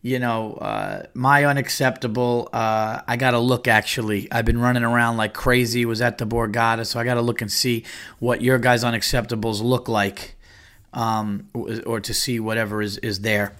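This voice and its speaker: A middle-aged man hosting his own podcast, talking loosely and profanely with plenty of fillers. His voice sits in a middle pitch with a bright, forward edge. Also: level tone, moderate pace. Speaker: podcast host. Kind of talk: casual solo podcast chat.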